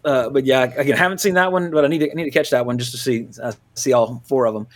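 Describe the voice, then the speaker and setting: A man's voice: mid-range voice, quick pace. A man from Louisiana, hosting a movie podcast in loose casual chat, full of fillers and self-corrections. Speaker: podcast host.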